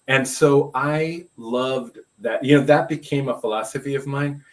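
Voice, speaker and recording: A man's voice: mid-range voice, normal speed, hardly any pauses, poor audio. An older man from Brooklyn, a veteran school administrator, telling stories in a casual, rambling way with many restarts and asides. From Brooklyn, New York. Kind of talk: casual conversational storytelling.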